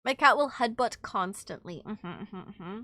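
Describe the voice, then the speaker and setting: A woman livestreamer casually chatting with her viewers, excitable and giggly, swearing freely and reacting to chat messages. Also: mid-range voice, unhurried, dry recording.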